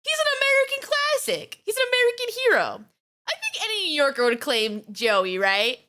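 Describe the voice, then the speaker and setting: A woman's voice: very high voice, huge pitch swings, a little fast, sharp tone. A young woman from New York chatting on a reaction stream, giggly and rambling, with lots of fillers. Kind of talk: casual reaction stream chat.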